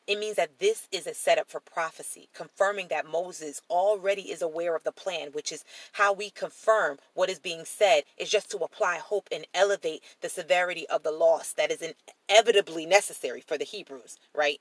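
A woman's voice: lowish voice, normal speed, no echo, low-quality recording. A woman teaching a Bible study, reading scripture aloud and explaining it, often checking in with "right?". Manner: reads scripture then explains, tags lines with "right?".

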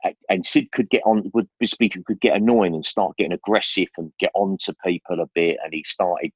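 Deep-voiced older man, chatty. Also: steady tone, brisk, husky, dry recording. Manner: chatty, with many restarts and slang. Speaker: guest. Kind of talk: rambling casual storytelling. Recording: dry, dull lo-fi recording.

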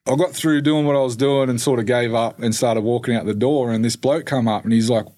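A man's voice: medium pitch, steady tone, a little fast, hardly any pauses, warm tone. A man telling his story as a podcast guest, rambling and swearing freely, with lots of fillers. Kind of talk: casual storytelling.

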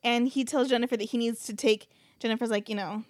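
A woman's voice: fairly high pitch, steady tone, quick pace, a little mellow, no echo, studio quality. A woman host casually recapping a movie plot, telling it as a chatty story full of "like" and freely swearing. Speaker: podcast host.

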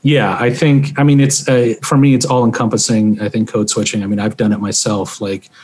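A young man from Maryland, speaking in a halting, reflective conversational way with many fillers and restarts. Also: lowish voice, little pitch movement, darkish tone, a little hiss or hum. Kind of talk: conversational interview.

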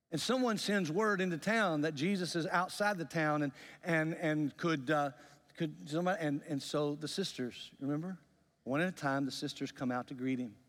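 A male pastor preaching a sermon, telling the story with lively acted-out voices. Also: on the high side. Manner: animated storytelling, acts out quoted voices. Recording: long reverb of a large hall.

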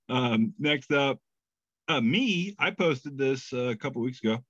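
A man's voice: mid-range voice, lively intonation, fairly bright tone, dry recording. Male podcast co-host, joking and self-deprecating, reading memes off a dull lo-fi mic. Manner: jokey, self-deprecating, drawn-out pauses. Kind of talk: casual podcast banter.

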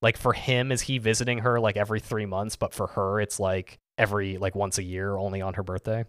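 A man's voice: fairly low pitch, flat delivery, fairly quick, dry recording, clean studio sound. A man co-hosting a podcast in casual chat, rambling with lots of "like" and "um". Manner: rambling, full of "like" and "um". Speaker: podcast co-host.

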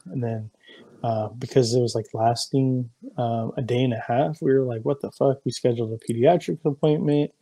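A man's voice: medium pitch, dark tone, no room sound. A young man co-hosting a casual podcast, telling stories in a heated, profanity-heavy way. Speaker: podcast co-host. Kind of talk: casual chat.

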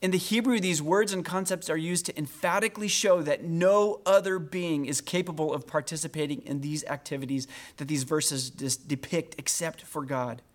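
Man, pastor, sermon, earnest, slow scripture reading, higher-pitched. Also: steady tone. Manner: earnest, slows down to read scripture aloud.

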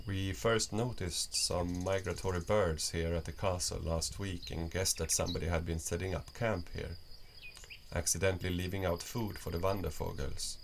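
A man's voice: low voice, fairly even intonation, normal speed, gravelly, a little hiss or hum. A man voicing a kind, patient male soldier in a storybook reading, explaining things steadily. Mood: calm.

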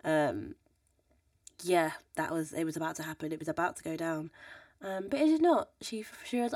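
A young woman, hosting a podcast and telling stories in a casual, animated way, acting out the people she meets and laughing often. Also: on the low side, moderate pace, no echo. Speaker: podcast host. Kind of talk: casual storytelling chat. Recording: dry, slightly distant mic.

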